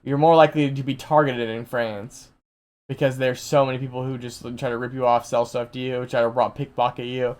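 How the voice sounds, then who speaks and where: A man's voice: medium pitch, level tone, fairly quick, darkish tone, clean tone. A young man hosting a casual podcast, rambling with lots of "like" and restarts. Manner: rambling, heavy use of "like", restarts. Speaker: podcast host.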